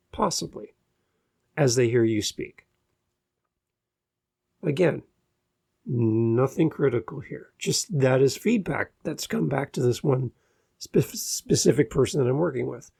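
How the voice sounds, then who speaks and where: A man's voice: medium pitch, gravelly, mellow, slightly rough. A Canadian man hosting a podcast, giving advice in an earnest, easygoing and self-deprecating monologue. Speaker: podcast host.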